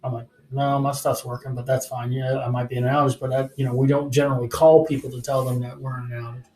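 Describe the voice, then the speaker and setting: A man's voice: medium pitch, fast talker, echoey room, poor audio. A man casually telling a story as a podcast co-host, acting out angry phone calls and cursing as he goes. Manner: animated, swearing, acts out angry phone calls.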